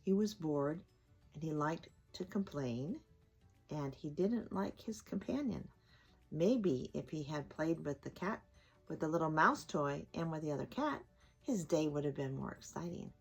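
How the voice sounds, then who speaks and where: Woman storyteller, slow, lively bedtime reading with children's questions. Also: sits low, gravelly, husky, faint music behind. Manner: gentle, asks children questions.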